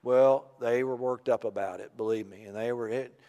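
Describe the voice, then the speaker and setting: Impassioned older preacher in a reverberant hall. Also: male voice, mid-range voice, fairly even intonation, normal speed. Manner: impassioned, rising to loud emphatic peaks. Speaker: pastor. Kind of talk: sermon. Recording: long reverb of a large hall.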